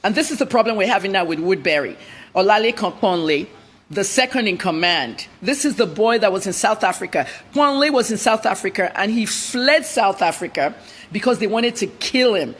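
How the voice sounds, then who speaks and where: Husky middle-aged woman, journalist being interviewed; blunt, emphatic delivery with a mid-range pitch. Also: expressive, normal speed. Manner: blunt, emphatic, jumps between topics. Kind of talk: candid interview answers.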